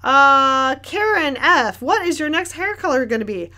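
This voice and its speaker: A woman's voice: high voice, big pitch swings, a little slow, pushed and bright. A young woman artist chatting casually while she paints and answers viewer questions, rambling with many fillers and easy laughs. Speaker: artist hosting a paint-along.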